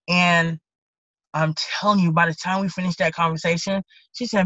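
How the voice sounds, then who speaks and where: Lively Southern woman deputy telling a story. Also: on the low side, a little fast, no room sound. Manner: animated, acts out both sides of conversations. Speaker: county deputy sheriff. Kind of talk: casual interview storytelling. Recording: dull lo-fi podcast audio.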